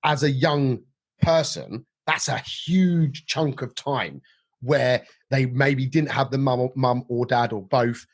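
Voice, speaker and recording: Middle-aged host, slightly husky, casual and laughing often. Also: male voice, medium pitch, slow. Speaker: podcast host. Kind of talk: casual podcast chat.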